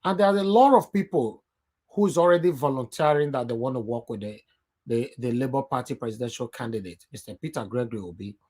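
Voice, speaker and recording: A man's voice: mid-range voice, fast, darkish tone, husky. A man hosting a news commentary in a conversational way, with fillers. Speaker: news channel host.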